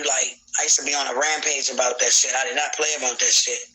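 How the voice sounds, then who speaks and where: A man's voice: mid-range voice, level tone, fast, sharp tone, low-quality recording. Blunt, cursing man. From Baltimore, USA. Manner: blunt, profane, emphatic storytelling. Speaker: guest telling a personal story on a live stream. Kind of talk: candid live-stream testimony.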